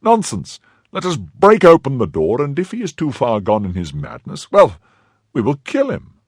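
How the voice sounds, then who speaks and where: A man voicing an angry, impatient English gentleman who blusters indignantly, in an audiobook. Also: mid-range voice, huge pitch swings, moderate pace, slightly rough, no echo, clean studio sound, pitched above the performer's own voice.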